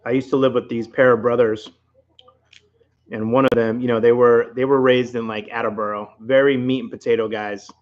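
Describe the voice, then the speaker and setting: A man's voice: medium pitch, level tone, moderate pace, lo-fi sound. A man with a Rhode Island accent hosting a casual late-night livestream from home, rambling and chatting straight to his viewers. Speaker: livestream host.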